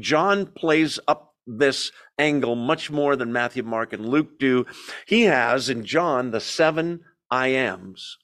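A man's voice: medium pitch, a bit bright. A man teaching a Bible study in a conversational way, asking the group questions and telling the story with energy.

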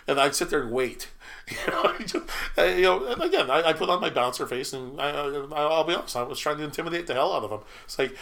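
A man's voice: mid-range voice, quick pace, creaky, fairly bright tone. A middle-aged man telling work stories in casual chat, stumbling through restarts and repeated words and laughing often.

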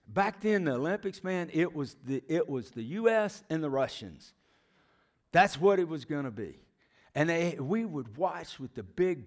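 An American man in his sixties preaching a sermon, telling stories dramatically and dropping from loud emphasis to hushed near-whispers. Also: a little high.

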